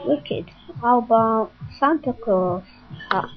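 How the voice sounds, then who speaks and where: A playful woman chats casually in a slow, drawn-out way while she tries out effects on camera. Her voice sits fairly high, and the sound is thin and phone-like. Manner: playful, excitable, keeps saying "wicked". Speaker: video maker showing software effects. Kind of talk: casual webcam demo.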